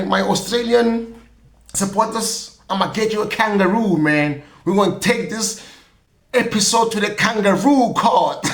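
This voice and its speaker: A young South African man with a somewhat high voice holds forth in a relaxed, rambling podcast monologue, peppering every thought with "you know what I mean." The sound is roomy and echoey. He jokes freely and keeps it conversational. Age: young adult. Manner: loose and chatty, many fillers like "you know what I mean", jokey asides. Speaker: podcast host. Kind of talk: casual solo commentary.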